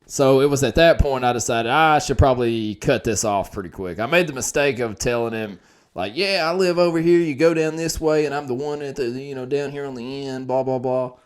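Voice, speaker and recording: A man casually telling a wild story on a podcast, animated and profane, his voice swinging from loud to quiet. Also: medium pitch, a little fast, clean tone.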